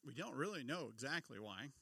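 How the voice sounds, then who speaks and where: A man's voice: medium pitch, sing-song, brisk, gravelly, sharp tone, husky, no room sound. A middle-aged man giving a conversational sermon, often asking his listeners questions. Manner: conversational, asks the audience questions. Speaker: pastor.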